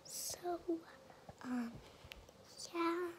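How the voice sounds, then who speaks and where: A woman vlogger talking in a whisper, halting and restarting her sentences often. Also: very high voice, noisy background. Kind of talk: whispered vlog.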